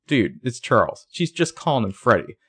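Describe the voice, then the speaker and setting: A man's voice: mid-range voice, big pitch swings, normal speed, a bit bright, husky. A man co-hosting a casual chat, recapping a TV episode with sarcastic asides. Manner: chatty, sarcastic, acts out quoted lines. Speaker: podcast co-host recapping a TV episode.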